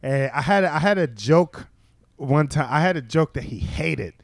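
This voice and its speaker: A comedian tells stories, his voice sitting a little high for a man as he acts out the people he quotes. The sound is close and dry, with no room echo. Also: lively intonation, moderate pace, gravelly. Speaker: stand-up comedian guest. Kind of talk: casual storytelling chat. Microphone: studio mic.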